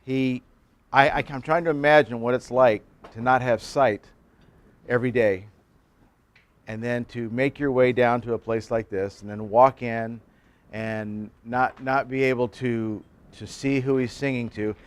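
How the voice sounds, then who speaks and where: A man's voice: medium pitch, steady tone, a little slow, smooth, no echo. A man in his sixties, a pastor, giving a folksy sermon at a men's breakfast, telling stories with jokes and acting out quotes.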